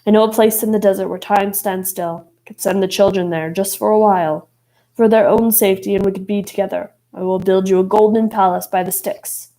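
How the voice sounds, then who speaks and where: A woman voicing a gloomy, brooding male god of the dead, speaking low and pleading. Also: fairly even intonation, brisk, warm tone, natural voice.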